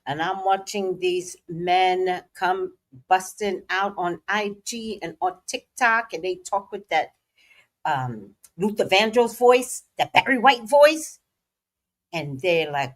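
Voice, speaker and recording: A woman's voice: medium pitch, expressive, takes it slowly. A middle-aged woman hosting a casual livestream, playful and dramatic with slangy asides. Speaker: psychic livestream host.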